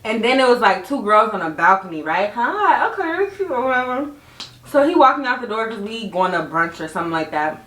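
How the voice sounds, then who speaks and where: A young woman, hosting a podcast and telling a story in casual chat, animated and laughing, her voice jumping high and low. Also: brisk, distant mic. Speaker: podcast host. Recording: echoey room, voice off mic.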